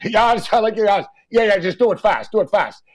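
A man's voice: high-pitched, brisk, poor audio. A man hosting a sports talk show, joking and acting out quotes in casual chat. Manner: animated, joking, acts out quotes.

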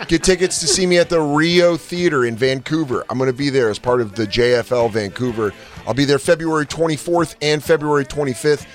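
A man's voice: on the high side, soft background music. A man hosting a podcast, bantering casually with profanity and jokes. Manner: joking, profane, quick banter. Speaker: podcast host. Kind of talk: casual chat.

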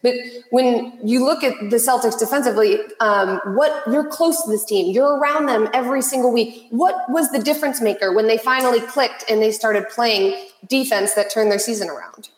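A woman's voice: fairly high pitch, normal speed, few pauses. A chatty woman host talks sports and fires questions at her guest, with a dry, sarcastic edge at times. Her voice sits in an echoey room, and a long reverb trails each phrase. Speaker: sports talk show host. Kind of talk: casual sports talk, asking questions.

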